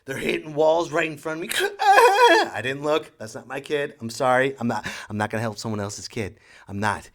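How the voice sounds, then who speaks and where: A man hosting a podcast, telling a comedic story in an animated, exasperated rant. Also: mid-range voice, a little fast, few pauses. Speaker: podcast host.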